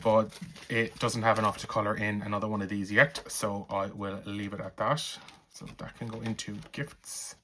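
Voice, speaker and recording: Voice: sits low, fairly even intonation, moderate pace, sharp tone, slight background noise. A budgeting vlogger with an Irish accent, chatting casually at home while counting cash aloud into envelopes. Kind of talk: casual vlog chat.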